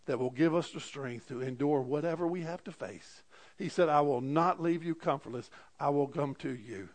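Pastor, male, higher-pitched voice, passionate sermon delivery with loud peaks and hushed asides. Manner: impassioned preaching with frequent amens, swings loud and soft.

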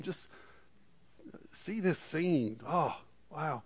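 A man preaching to a congregation, reading scripture dramatically with lively asides and stammered restarts. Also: high-pitched, slow, pauses often. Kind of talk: sermon. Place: church in front of a congregation.

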